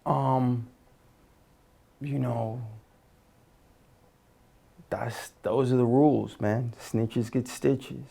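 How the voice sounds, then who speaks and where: A man telling stories in a relaxed, slangy way as an interview guest, with many fillers and restarts. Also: mid-range voice, drawn-out words, gravelly, long pauses, slightly rough. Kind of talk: casual storytelling.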